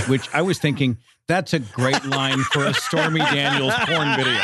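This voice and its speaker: A man guesting on a podcast in casual chat, wry and outspoken in a measured way. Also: mid-range voice, fairly even intonation, noisy background.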